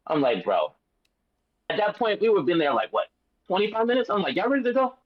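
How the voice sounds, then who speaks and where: A man in casual chat, ranting fast and heatedly. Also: high-pitched, wildly swooping pitch. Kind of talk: casual chat among friends. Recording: slightly dull lo-fi mic.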